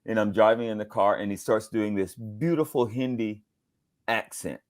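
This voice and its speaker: A middle-aged man from the American South, a voice actor telling animated stories in a casual interview. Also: moderate pace. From Southern United States, Georgia. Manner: animated storyteller, leaps up high when quoting people. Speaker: voice actor guest.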